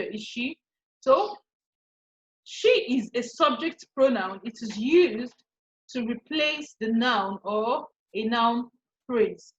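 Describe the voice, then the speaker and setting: A Nigerian woman teaching an online English lesson, repeating each point slowly with frequent restarts. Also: fairly high pitch, a bit bright. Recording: echoey, muffled lo-fi room recording.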